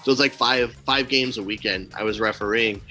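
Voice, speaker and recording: A man with a mid-range voice talks a little fast over faint background music. He co-hosts a casual podcast as an animated storyteller, acting out quotes and dropping blunt, sweary asides.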